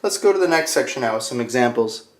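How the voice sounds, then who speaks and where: A man teaching a grammar lesson to English learners, playful and speaking slowly and clearly. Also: mid-range voice, lively intonation. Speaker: ESL teacher.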